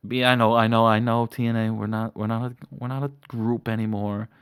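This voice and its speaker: A man's voice: fairly low pitch, little pitch movement, brisk, clear, resonant tone. Rambling young male gaming host. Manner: rambling, profane, retells storylines. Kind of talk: casual recap of a wrestling booking game.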